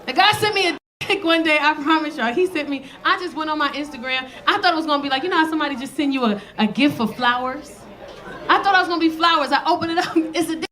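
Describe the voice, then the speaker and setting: A woman in her forties doing a stand-up set, telling stories in a brash, profane, animated way into a handheld stage mic. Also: high-pitched, fast, some chatter behind. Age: 40s. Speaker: stand-up comedian.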